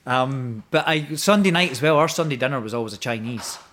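A man's voice: medium pitch, lively intonation, brisk, fairly bright tone, a little hiss or hum. A Scottish man in his forties, a guest actor talking casually, rambling with many restarts and hesitations. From Scotland. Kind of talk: casual chat.

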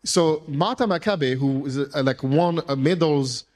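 A man, an entrepreneur, speaking casually to an audience, telling animated, rambling stories with playful swearing. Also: on the high side, a little slow. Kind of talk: casual storytelling talk. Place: event room with audience.

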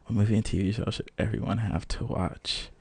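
Young guy on a podcast, low gravelly voice, jokey, laughs a lot. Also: fairly quick, no echo. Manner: animated, joking, laughs often. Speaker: podcast guest. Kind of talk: casual interview chat.

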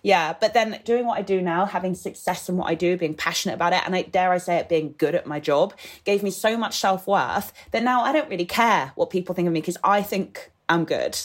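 A woman from England in her thirties speaks openly as a podcast guest. Her voice sits a little low, and she talks in a frank, animated way with casual swearing. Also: a little fast, hardly any pauses. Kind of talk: candid podcast conversation.

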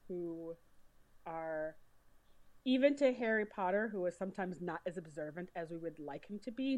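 A woman's voice: lowish voice, warm tone, poor audio. A woman co-hosting a podcast in casual chat, swearing freely and laughing often. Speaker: podcast co-host.

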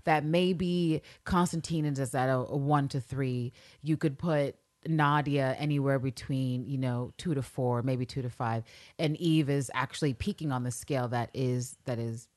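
Low-voiced woman recapping a TV show. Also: a little slow. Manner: animated, swearing, acts out characters' lines. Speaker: podcast co-host. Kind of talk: casual TV recap chat.

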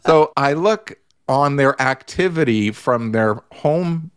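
A man's voice: mid-range voice, expressive, slow, clean tone. A man, a therapist guest in a casual radio chat, telling an exasperated story full of restarts.

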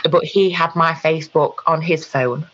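A woman recounting a personal experience in conversation, halting, with frequent ums and restarts. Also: low-pitched, steady tone, a bit bright, lo-fi sound. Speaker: guest.

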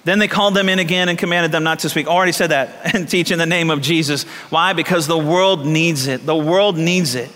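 A pastor preaching a sermon, telling stories and repeating lines for emphasis. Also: male voice, on the high side, brisk, few pauses, pushed and bright. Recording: long hall reverb.

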